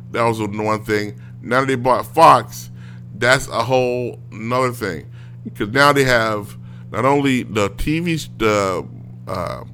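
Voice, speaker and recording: A man's voice: mid-range voice, a bit bright, clean tone. A man hosting a casual solo show from home, ranting in a rambling way with many fillers and restarts. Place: home with a smart speaker.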